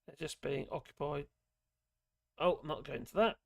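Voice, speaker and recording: Man, live-stream host, rambling chatty talk, losing his voice, slightly high pitch, dry close sound. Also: normal speed, gravelly, no room sound. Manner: rambling, chatty, reads chat messages aloud. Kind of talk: casual live-stream chat.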